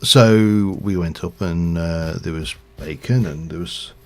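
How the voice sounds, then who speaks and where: Here a middle-aged live streamer talks casually while playing, rambling along with fillers and chuckles. His voice sits low and he speaks slowly.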